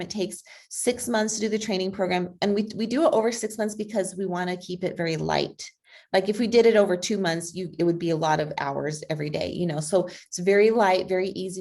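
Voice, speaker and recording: A woman speaking as a guest on a video call, persuasive and energetic, with frequent fillers. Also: medium pitch, creaky. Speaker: guest speaker, advocacy group president. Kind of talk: conversational online talk.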